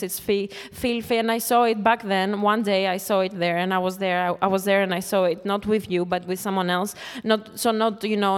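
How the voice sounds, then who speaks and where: A woman speaks into a microphone in a spoken-word performance that drifts and loops, repeating words again and again. Her voice sits at an ordinary middle pitch. A long hall reverb trails behind each phrase. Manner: looping, repeats phrases over and over. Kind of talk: stream-of-consciousness spoken performance.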